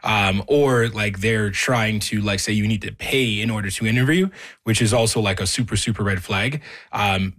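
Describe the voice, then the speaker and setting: A man's voice: on the low side, moderate pace, a bit bright. A man on a radio call-in show, a guest on hiring, talking loosely with many fillers, then growing heated and emphatic.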